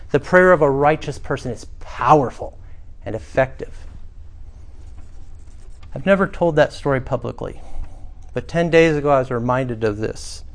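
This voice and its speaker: Earnest middle-aged male pastor preaching. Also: medium pitch. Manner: earnest storytelling with emphatic swells. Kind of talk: sermon.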